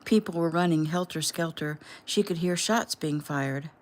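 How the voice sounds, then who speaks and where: A woman casually reading her own novel aloud at home in a plain, unhurried way. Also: low-pitched. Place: home room.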